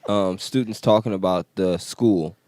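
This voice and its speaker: A man's voice: deep voice, a little slow, darkish tone, dry recording. A man chatting casually on a podcast with laid-back, short replies. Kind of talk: casual chat.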